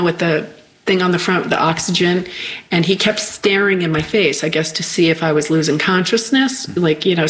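A middle-aged woman telling a personal story as an interview guest, halting and reflective, often trailing off mid-thought. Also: fairly low pitch, low-quality recording.

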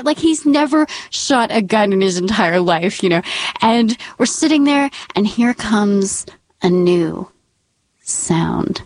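A woman spins a personal story at an unhurried pace, her humor dry and wry. She sinks into a tense whisper when the story turns scary. The recording is close and dry, with no room sound. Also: medium pitch, animated, dry recording.

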